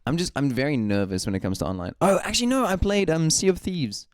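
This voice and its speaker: A man's voice: fairly high pitch, fast. A man co-hosting a casual gaming podcast, telling rambling stories and laughing often. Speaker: podcast co-host.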